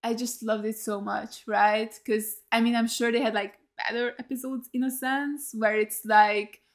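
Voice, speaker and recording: A woman's voice: on the high side, steady tone, normal speed. A woman giving a casual, emotional reaction to a TV episode, rambling and cutting herself off mid-thought. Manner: rambling, emotional, self-interrupting. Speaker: TV reaction host.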